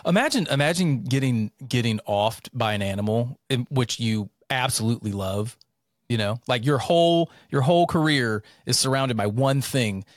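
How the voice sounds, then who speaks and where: A man in his thirties from central North Carolina, co-hosting a casual podcast chat, rambling and swearing with animated bursts. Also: mid-range voice, moderate pace, no echo, clean studio sound. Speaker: podcast co-host.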